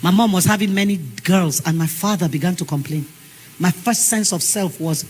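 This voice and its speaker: A woman's voice: lowish voice, a little fast, a little mellow, slight background noise. Big-voiced Nigerian woman preaching. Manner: emphatic, sing-song preaching. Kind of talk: sermon.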